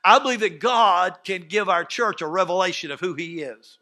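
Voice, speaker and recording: A man preaching a sermon as pastor, swinging from soft asides to shouted outbursts and acting out quoted dialogue. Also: high-pitched, normal speed, few pauses. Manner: acts out quoted dialogue in scenes.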